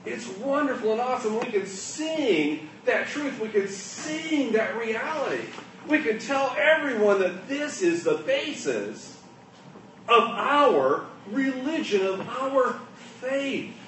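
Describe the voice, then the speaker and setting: A man's voice: extremely high pitch, very animated, slow, slight background noise. Emphatic preacher man in an echoey room. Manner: emphatic, swings between hushed and loud. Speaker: pastor. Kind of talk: sermon. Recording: echoey room, mic at a distance.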